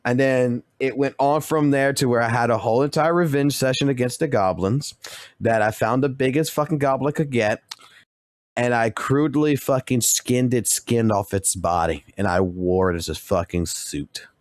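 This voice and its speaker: A man's voice: medium pitch, moderate pace, no echo. A male streamer casually rambling through a story with constant swearing and restarts.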